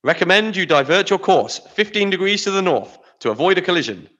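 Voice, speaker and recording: A man's voice: sits high, lively intonation, fairly quick, a bit bright, big-room sound, muffled recording, voice pushed up. A man with a British accent playing a pompous navy captain who issues commanding, self-important radio demands.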